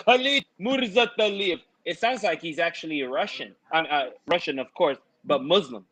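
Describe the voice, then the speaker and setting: A man co-hosting a casual fight preview chat, playful and slowly sounding out names. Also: a little high, fairly bright tone, slight background noise, rough recording. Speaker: co-host.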